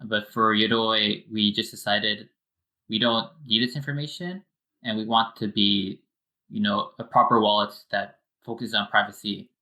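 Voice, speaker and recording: A man's voice: on the low side, fairly even intonation, normal speed, bright, forceful tone, rough recording. A man, a wallet developer, giving a casual technical explanation step by step with many fillers.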